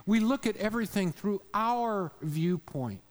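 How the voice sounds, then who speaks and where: Slow-speaking, high-voiced preacher man. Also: animated, in a large hall. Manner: conversational, storytelling, with self-corrections. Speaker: pastor. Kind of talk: sermon.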